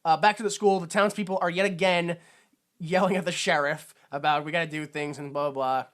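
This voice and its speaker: A man's voice: high-pitched, fairly even intonation, a little fast, a bit bright. A man co-hosting a podcast, recapping a film in casual chat, acting out the characters in funny voices and laughing often. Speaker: podcast co-host.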